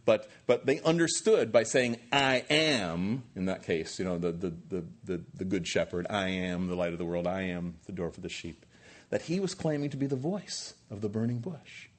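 A man's voice: on the low side, animated, normal speed. A man in his sixties, a pastor preaching an earnest sermon and building emphasis through repeated phrases.

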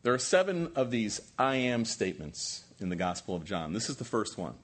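Husky older man preaching a sermon. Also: lowish voice, big pitch swings, a little fast. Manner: earnest, repetitive emphatic preaching with restarts. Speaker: pastor.

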